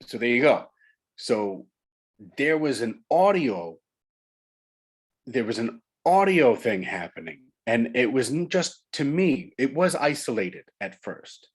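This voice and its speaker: Guy from long island, raspy voice, telling a ghost story in a chat and ramping up the tension. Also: mid-range voice, sing-song, slow. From Long Island, New York. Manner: intense, builds up suspense with repetition. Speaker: author and guest.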